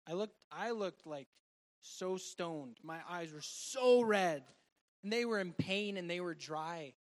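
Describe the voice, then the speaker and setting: A man preaching a sermon and sharing a personal testimony, earnest and heartfelt, moving between loud and soft delivery. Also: high voice, slow pace.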